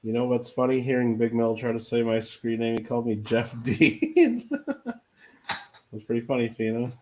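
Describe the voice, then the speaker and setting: A man's voice: mid-range voice, normal speed. A playful man chatting casually while playing a farming game, often laughing. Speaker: co-streamer. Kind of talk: casual gameplay chat.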